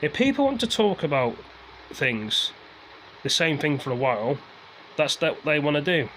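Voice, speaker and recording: A man's voice: on the high side, expressive, moderate pace, a bit bright, slight background noise, rough recording. A man ranting casually to his viewers, rambling and repeating himself as he airs his frustration. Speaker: vlogger.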